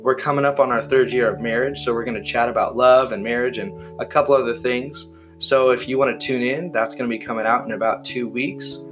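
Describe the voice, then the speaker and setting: A young man hosting a casual podcast, relaxed and easygoing, asking friendly questions and laughing easily. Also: medium pitch, a little fast, music in the background. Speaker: podcast host.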